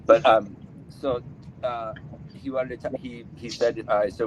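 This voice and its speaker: A man in his thirties telling a rambling stand-up story, halting, full of fillers and restarts. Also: medium pitch, fairly even intonation, heavy background noise. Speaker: comedian.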